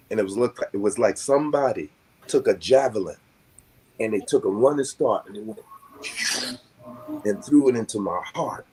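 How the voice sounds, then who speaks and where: A man's voice: fairly low pitch, animated, normal speed, pauses often, mellow, slightly rough. An older man telling a long personal story in casual conversation, reflective and rambling with many fillers. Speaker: guest.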